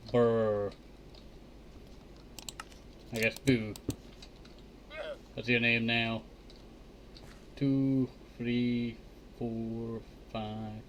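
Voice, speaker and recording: A Minecraft streamer speaks extremely slowly in a flat, medium-pitched voice, pausing often, on a lo-fi recording with a little hiss or hum. In this casual survival-game commentary he mutters block counts under his breath, chats to himself, and flares up at mobs, with clear keyboard clicks behind him.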